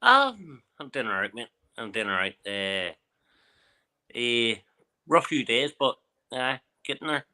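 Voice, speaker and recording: A man's voice: medium pitch, big pitch swings, measured pace, bright, forceful tone. A man with an Irish accent calling in to a football show, blunt and argumentative. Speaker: caller. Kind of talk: casual call-in talk.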